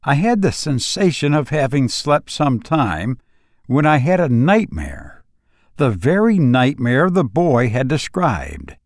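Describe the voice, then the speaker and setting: A man narrating a first-person story in a calm, measured reading voice. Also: mid-range voice, dry recording, studio quality.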